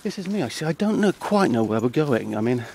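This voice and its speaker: A man speaking outdoors on a countryside path in a hesitant, halting, dry deadpan ramble full of ums and restarts. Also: mid-range voice, gravelly, husky, poor audio. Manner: dry, self-deprecating. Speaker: comedy vlogger.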